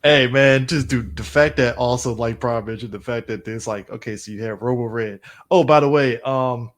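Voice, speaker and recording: A man's voice: mid-range voice, normal speed. A man co-hosting a podcast, talking casually and animatedly with slang and frequent laughs. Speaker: podcast co-host. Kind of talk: casual chat.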